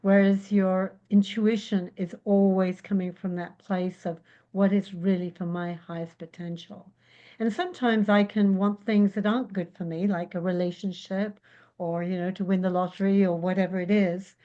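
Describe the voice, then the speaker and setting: A woman from England, a psychic guest in a casual interview, who tells lively stories and acts out the voices she quotes. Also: medium pitch, moderate pace, highs cut off. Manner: animated storyteller, acts out quotes.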